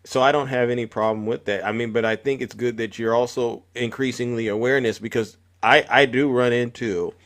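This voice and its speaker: A man's voice: mid-range voice, a little fast, hardly any pauses. A man hosting a live call-in stream, chatting casually about politics and calling listeners up by name. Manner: animated, calls out to listeners by name.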